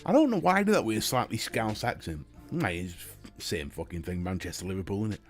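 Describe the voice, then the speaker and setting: A man's voice: low voice, animated, fairly quick, faint music behind. A British man hosting a casual live stream, chatting and swearing freely as he answers his viewers. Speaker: livestream host.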